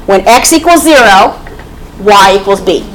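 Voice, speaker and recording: A woman's voice: medium pitch, animated, a little slow, a little hiss or hum, rough recording. A woman teaching a math class, explaining step by step and often checking in with "okay?". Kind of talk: classroom lecture.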